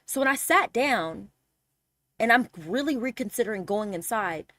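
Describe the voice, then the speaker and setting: A young woman streamer telling a casual story with animated, exasperated energy and lots of swearing. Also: on the high side, moderate pace, dry recording, clean studio sound.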